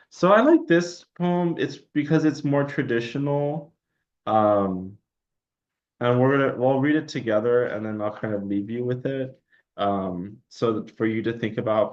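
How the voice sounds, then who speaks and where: A man's voice: on the low side, lo-fi sound. A young man teaching a poetry lesson in a loose, rambling way, full of ums and restarts, recorded at home. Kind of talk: casual recorded lecture. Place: home room by a window.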